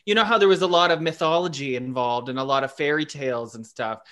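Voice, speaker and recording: A man's voice: a little high, fast talker, a bit bright. A man co-hosting a podcast, telling rambling personal stories in a playful, self-deprecating way. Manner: rambling, laughing storyteller. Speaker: podcast co-host. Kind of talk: casual chat.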